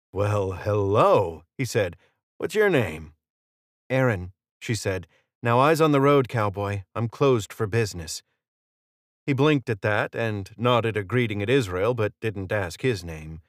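Low, dry-voiced male narrator. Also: no room sound. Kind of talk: audiobook narration.

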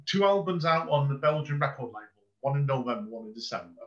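Fast-talking enthusiastic man host. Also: mid-range voice, animated, fairly bright tone, dull audio. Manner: enthusiastic, rambling, repeats words. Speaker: podcast host. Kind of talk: casual interview chat.

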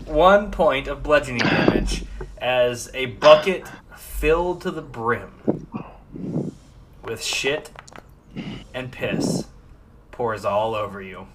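A man's voice: medium pitch, expressive, slow, long pauses, noisy background. A man narrating as game master of a tabletop game, loose and rambling with many fillers.

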